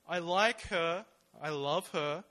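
Delivering a casual, conversational sermon at church, a young man speaks slowly in a fairly high, bright, forceful voice. His informal talk is packed with fillers and rhetorical questions to the congregation.

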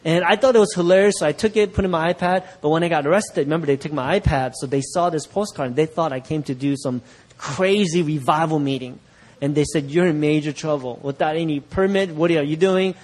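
A man's voice: on the high side, fast. A middle-aged man preaching as pastor, telling a story and acting out the voices of people he quotes, often laughing. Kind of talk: sermon storytelling.

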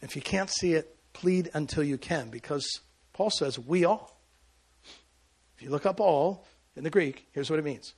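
Gravelly, husky man preaching. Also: on the high side, normal speed. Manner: emotional storytelling with sudden loud bursts and quiet asides. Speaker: pastor. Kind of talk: sermon.

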